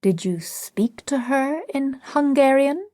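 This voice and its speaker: A woman's voice: sits high, animated, takes it slowly, darkish tone, no room sound, clean studio sound, pitched above the performer's own voice. A woman reading an audiobook, voicing a gloomy, contemptuous male professor who replies curtly and morosely.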